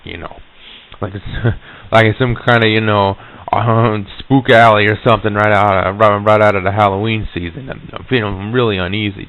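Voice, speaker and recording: Low, gravelly male narrator, halting and stammering, recorded on tinny old tape. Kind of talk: recorded storytelling monologue.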